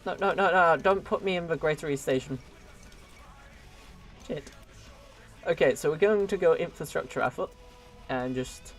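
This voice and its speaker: A man's voice: fairly high pitch, normal speed, pauses often, faint music behind. A man giving casual, chatty commentary while live streaming a strategy game, laughing often and talking to his viewers.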